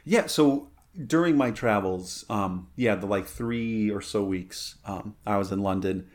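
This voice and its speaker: A man's voice: fairly low pitch, measured pace. A man co-hosting a podcast in a casual chat, rambling with many fillers and restarts. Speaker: podcast co-host.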